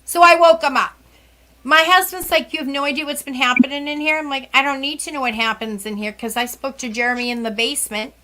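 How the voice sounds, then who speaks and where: A woman psychic medium from Massachusetts, chatting as a guest and telling lively stories, acting out the lines of other people as she goes. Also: high voice, fast talker, noisy background. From Central West Massachusetts. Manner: animated, acts out quoted dialogue with sighs and laughs. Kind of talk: casual storytelling chat. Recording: podcast interview.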